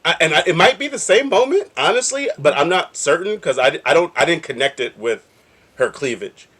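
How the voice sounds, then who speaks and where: Lively bright-voiced man. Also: fairly high pitch, brisk. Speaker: podcast co-host. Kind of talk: casual chat.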